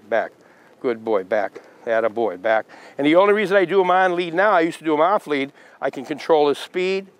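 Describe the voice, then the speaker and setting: A man's voice: mid-range voice, poor audio. Man calling commands to a dog. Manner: repeated short commands and praise to a dog; casual explaining between commands. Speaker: dog trainer. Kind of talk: dog training demonstration with commentary.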